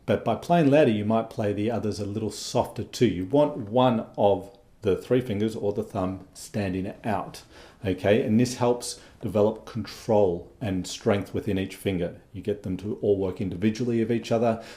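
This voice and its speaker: Low, mellow-voiced male guitar teacher. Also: normal speed. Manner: patient, explanatory, checks in with "okay?". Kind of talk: instructional lesson.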